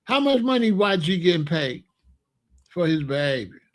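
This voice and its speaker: A young man delivers a heated monologue to camera, sounding incredulous and exasperated. He scolds and fires off disbelieving questions in a voice that sits a little on the high side. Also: sing-song, normal speed. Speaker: commentator. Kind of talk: ranting commentary to camera.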